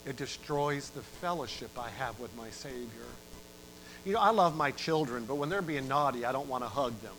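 A middle-aged man preaching a sermon, telling a story with dramatic rises in volume and sudden drops to a hush. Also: animated, moderate pace, slight background noise, poor audio. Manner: dramatic, swells loud for emphasis and drops low. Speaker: pastor.

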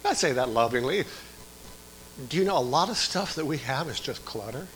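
A middle-aged man preaching a sermon as pastor, swinging from quiet talk to shouted exhortation. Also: mid-range voice, lively intonation, normal speed, slight background noise, low-quality recording.

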